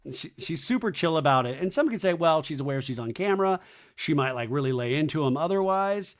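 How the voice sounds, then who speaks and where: A man's voice: lively intonation, brisk. A man hosting a podcast, casually recapping a reality show and mocking its cast in exaggerated voices. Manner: chatty, mimics cast members in high mocking voices. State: hiccups. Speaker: podcast host.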